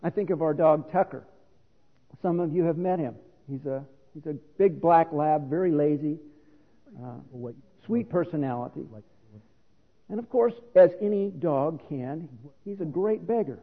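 A man's voice: on the high side, unhurried, pauses often, husky. A middle-aged man preaching a sermon, explaining scripture in an earnest, teaching manner. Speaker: pastor. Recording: reverberant hall on a phone-like line.

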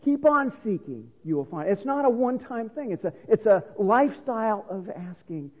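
The recording comes from a reverberant hall over a phone-like line. There a middle-aged pastor with a husky, high-sitting, sing-song voice preaches at normal speed, earnestly teaching from scripture.

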